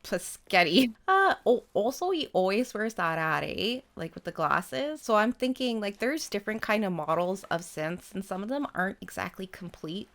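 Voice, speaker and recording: Woman gaming host, giggly and excitable commentary, mid pitch, rambling. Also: normal speed, creaky, hardly any pauses. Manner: excitable, laughs often, rambling. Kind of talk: casual gameplay commentary.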